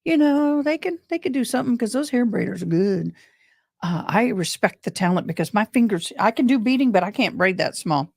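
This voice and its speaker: A woman's voice: on the high side, animated, fairly quick, gravelly, a little mellow, no echo, clean studio sound. Chatty woman rambling in commentary. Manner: chatty, rambling, goes off on tangents. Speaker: true crime commentator. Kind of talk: casual commentary.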